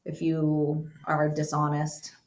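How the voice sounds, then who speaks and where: A woman co-hosting a podcast in casual chat, soft-spoken and a bit hesitant. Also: deep voice, monotone, slow pace. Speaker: podcast co-host. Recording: echoey room.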